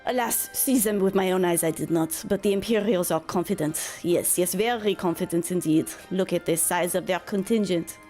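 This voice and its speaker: A woman's voice: fairly low pitch, normal speed, hardly any pauses, dark tone, soft background music, natural voice. A woman voicing a sly, fawning male informant with a put-on mock French accent, while reading game dialogue aloud. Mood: oily, sly.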